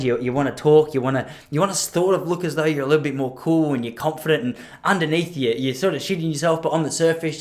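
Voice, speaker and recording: A man, rambling and joking about himself as a podcast host. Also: fairly high pitch. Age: 30s. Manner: self-deprecating, rambling with restarts and laughs. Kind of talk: solo rambling podcast monologue.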